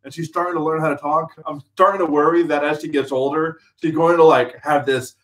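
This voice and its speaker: A man's voice: on the high side, fairly even intonation, a little fast, fairly bright tone, reverberant, recorded from a distance, poor audio. A young adult man co-hosting a casual live-stream chat, joking and full of fillers. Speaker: co-host, website builder.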